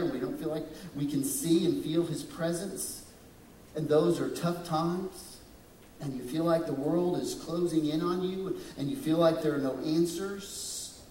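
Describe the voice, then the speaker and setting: Speaking on the high side with a dark tone and measured pace, a pastor gives a dramatic sermon in the sanctuary, quizzing the congregation and slipping into voices for quoted figures. Echo, a distant mic and a touch of hiss or hum color the audio.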